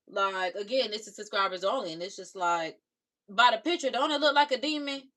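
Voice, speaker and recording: Sassy raspy-voiced young woman streamer. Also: fairly high pitch, normal speed, a bit bright. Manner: sassy, talks back to commenters. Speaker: live streamer reacting to comments. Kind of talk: casual reaction chat.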